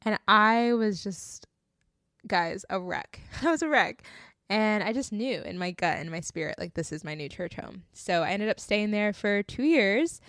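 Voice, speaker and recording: A woman's voice: mid-range voice, lively intonation, unhurried, fairly bright tone, dry recording. A young woman hosting a faith podcast, earnestly telling her testimony in a casual, heartfelt way, close to tears and saying "like" often. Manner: earnest, heartfelt, often tearful, says "like" a lot.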